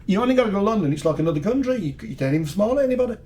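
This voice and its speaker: Man, older, Birmingham accent, mellow dark tone, candid storytelling, chatty and jokey. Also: sits high, animated, very fast. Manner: chatty, jokey, repeats words as he goes. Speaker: podcast guest, music and PR manager.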